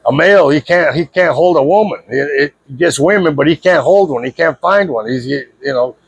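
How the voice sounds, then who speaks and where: Recorded lo-fi with no echo, a man with a fairly high, slightly rough voice speaks at normal speed. He lectures viewers to camera in a blunt, confrontational spiritual monologue, repeating points and saying "you know" constantly.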